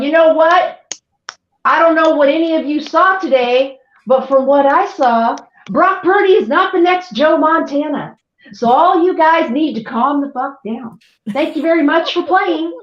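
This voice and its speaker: A woman's voice: sits high, slight background noise. A woman co-hosting a casual sports chat, ranting bluntly and swearing freely. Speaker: podcast co-host. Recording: echoey, dull, lo-fi sound.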